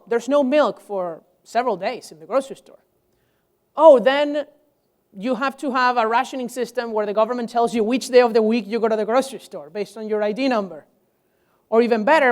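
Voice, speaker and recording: A young man from Venezuela, giving a public lecture as guest speaker, telling stories with animation and frequent restarts. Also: sits high. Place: lecture hall.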